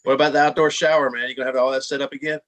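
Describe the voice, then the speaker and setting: A man's voice: medium pitch, little pitch movement, racing, a bit bright. A man chatting casually with a friend on a video call, teasing and joking. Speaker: guest friend.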